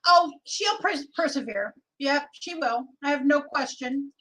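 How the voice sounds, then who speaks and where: High-voiced chatty woman livestreaming. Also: a little slow, fairly bright tone, rough recording. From Oregon. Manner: chatty, reads viewer comments aloud. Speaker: livestream host. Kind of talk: casual livestream chat.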